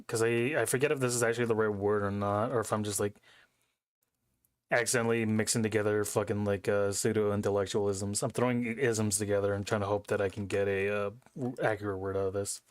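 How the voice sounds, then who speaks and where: A young man rambles and swears through a casual home stream. His voice sits low, and his headset mic sits close to his face, so the sound is dry and close. He keeps correcting himself mid-sentence. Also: steady tone, fairly quick, no echo. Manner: rambling, self-correcting, profane. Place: home desk setup.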